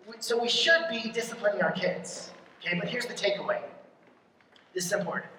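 A pastor giving a conversational sermon, often checking in with the congregation with a quick question, and punching key lines hard. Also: mid-range voice, bright, forceful tone, slight background noise. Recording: very echoey hall, mic from far off.

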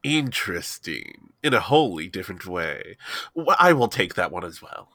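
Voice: low voice, sing-song, normal speed, pushed and bright, no room sound, pitched below the performer's own voice, heavily acted. Man as a courteous adventurer. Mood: polite. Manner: courteous, formal.

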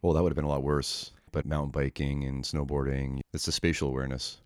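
Man, extremely deep voice, interviewer, short questions, dry close mic. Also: level tone, quick pace, dry recording. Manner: brief prompts and follow-up questions. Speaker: podcast host, interviewer.

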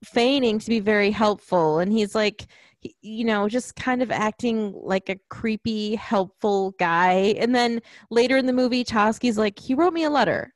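A woman's voice: medium pitch, moderate pace, no echo. A woman in casual conversation about a film, retelling scenes and quoting the characters' lines. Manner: chatty, retells scenes with quoted lines, frequent restarts. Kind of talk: casual movie discussion.

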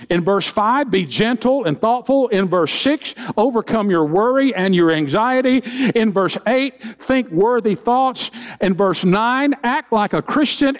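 A middle-aged man preaching as senior pastor, in a folksy way with joking asides and acted-out quotes. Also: high-pitched. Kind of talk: sermon with humorous stories.

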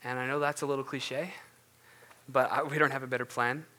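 A man's voice: mid-range voice, flat delivery, a little fast, sharp tone. A man preaching a casual, earnest sermon as a pastor and then praying, talking in a loose, conversational way. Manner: earnest, conversational, many fillers and restarts. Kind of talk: casual sermon ending in prayer.

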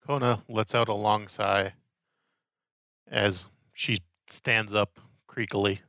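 A man calmly narrating a character's actions in a tabletop role-play. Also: lowish voice, slow pace, dry recording.

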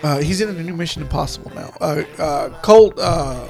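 High gravelly guy rambling on a podcast, lots of ums, faint music behind. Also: moderate pace, darkish tone. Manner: rambling, many fillers and restarts. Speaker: podcast co-host. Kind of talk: casual chat.

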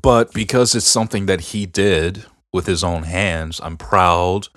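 A middle-aged man with a deep, low voice talks in a casual podcast chat. He tells family stories earnestly, rambling a little and leaning on fillers. The sound is dry and close, with no room around it. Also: steady tone, unhurried, fairly bright tone, dry recording. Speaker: podcast co-host.

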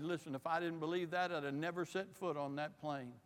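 A man preaching a missionary sermon, impassioned and rising to shouts, in a church. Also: on the high side, steady tone, brisk, smooth. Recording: long hall reverb.

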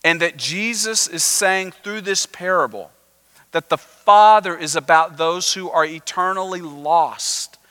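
A male pastor preaching a sermon, animated and acting out the voices of the listeners in the story. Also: high-pitched, measured pace, clean tone.

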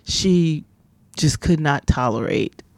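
A woman in her fifties co-hosting a casual chat, telling animated stories and laughing often. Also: low voice, takes it slowly, dry recording. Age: 50s. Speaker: podcast co-host.

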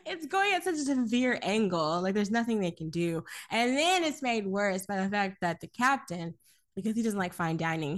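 A woman co-hosting a podcast, recapping a film in casual chat, animated, laughing often and swearing freely. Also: mid-range voice.

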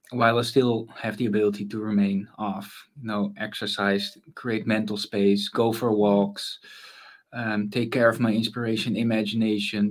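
A man speaks at an everyday mid pitch in a casual interview. He is relaxed and thoughtful, and he often pauses on fillers before picking his thread back up. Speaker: guest, consultant on mental space.

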